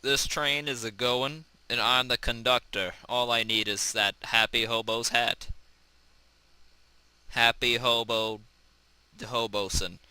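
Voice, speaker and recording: A young man hosting a casual let's-play, goofing around and yelling in panic when his character crashes. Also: mid-range voice, steady tone, slow pace, clear, resonant tone, no echo, rough recording. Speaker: gaming channel host.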